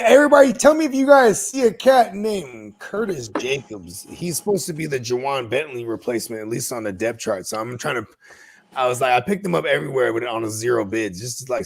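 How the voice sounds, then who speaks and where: A man co-hosting a podcast, talking in a casual, slangy, animated way and laughing often as he tells stories. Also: mid-range voice. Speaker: podcast co-host. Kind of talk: casual chat.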